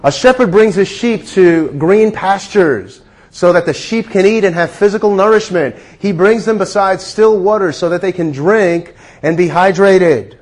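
A man preaching a sermon, earnest, leading the listeners in repeating lines and slowing down to stress key words. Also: high-pitched.

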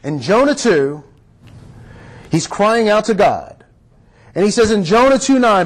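A man's voice: high voice, lively intonation, moderate pace, long pauses. A man pastor preaching a sermon, emphatic and drawing his congregation into call-and-response.

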